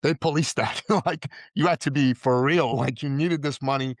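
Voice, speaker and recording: A man's voice: medium pitch, moderate pace, dry recording. A man from Iran, a podcast guest and entrepreneur, telling stories in casual interview talk. He acts out the people he quotes and often says "like" and "right?".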